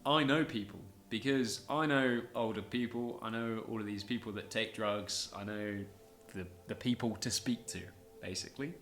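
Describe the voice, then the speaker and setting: A man's voice: lowish voice, steady tone, moderate pace, few pauses, fairly bright tone, roomy sound. A man telling his own story on a podcast in a chatty way, laughing often between sentences and swearing casually. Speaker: podcast host.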